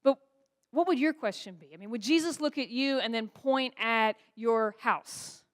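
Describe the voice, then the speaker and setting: A woman's voice: on the high side, normal speed. A woman pastor preaching a sermon in a church, asking the congregation rhetorical questions. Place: church sanctuary.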